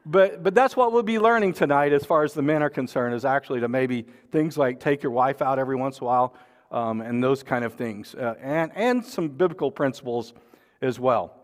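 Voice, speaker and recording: A man's voice: medium pitch, fairly quick, in a large hall. A man preaching a sermon and making church announcements, folksy and joking, with many fillers and restarts. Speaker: pastor.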